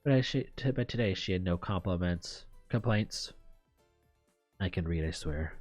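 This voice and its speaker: Very low-voiced woman reading a game. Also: lively intonation, moderate pace, darkish tone, no room sound, faint music behind. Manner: playful, crude asides between narration. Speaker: streamer. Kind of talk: reading a visual novel aloud.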